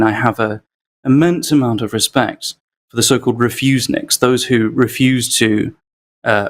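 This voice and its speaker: A man being interviewed as an author, speaking in a measured, articulate way with frequent ums and uhs. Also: mid-range voice. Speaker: author guest. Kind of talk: political interview.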